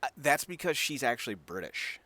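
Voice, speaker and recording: A man co-hosting a podcast, chatting casually and rambling with lively energy, laughing at his own jokes. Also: medium pitch, a little fast. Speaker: podcast co-host. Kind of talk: casual chat.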